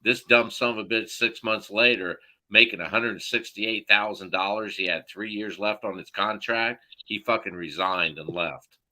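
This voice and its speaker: A man in a group call ranting angrily about politics, heated and profane, with loud outbursts. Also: lowish voice, moderate pace, rough recording. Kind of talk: angry political rant.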